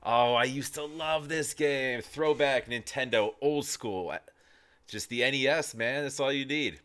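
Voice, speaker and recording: A man's voice: medium pitch, unhurried, fairly bright tone, clean tone. A man hosting a reaction video, chatting casually with lots of restarts, fillers and the odd curse. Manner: rambling, frequent restarts and fillers, casual swearing.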